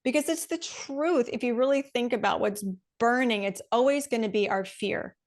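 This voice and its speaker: A woman's voice: fairly high pitch, normal speed. A middle-aged woman hosting a podcast, chatting with enthusiasm and casual swearing as she gets fired up. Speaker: podcast host. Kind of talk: casual interview chat.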